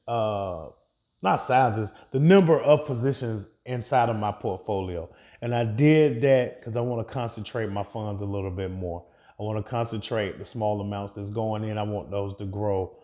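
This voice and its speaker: A man's voice: fairly low pitch, a little slow, mellow. A man vlogging a casual update on his investments, chatting directly to his viewers and laughing off his own slips.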